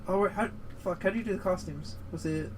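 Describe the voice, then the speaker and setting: A gaming show co-host with a high voice talks fast over a noisy background, offering casual commentary. He rambles and swears, launching into a heated rant about a movie.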